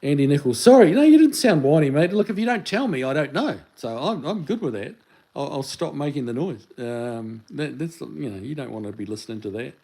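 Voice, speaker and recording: New Zealand man, mellow voice, live stream host, rambling chat, reads comments, phone mic in hand. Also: mid-range voice, expressive, brisk, vocal fry, husky, low-quality recording. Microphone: phone held in hand.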